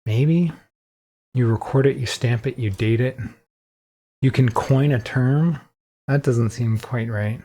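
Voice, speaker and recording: A man's voice: medium pitch, slow pace, pauses often, mellow. Man musing aloud over a word puzzle. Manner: thinking aloud, musing, self-questioning. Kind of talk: casual solo gameplay commentary.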